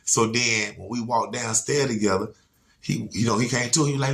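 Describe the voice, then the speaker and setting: A man's voice: medium pitch, normal speed, gravelly, a bit bright, slight background noise. A man telling a personal story to viewers in a casual, slangy way, repeating words and laughing now and then.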